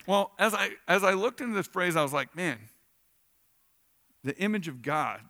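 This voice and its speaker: Guy preaching, kinda high bright voice, super casual and animated, acts stuff out. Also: moderate pace. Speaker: pastor. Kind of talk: sermon.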